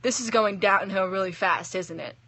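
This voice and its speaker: A woman's voice: mid-range voice, normal speed, a bit bright, dry recording. Woman reading as Death, a grumpy cloaked reaper. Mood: annoyed. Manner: exasperated, snappish, easily flustered.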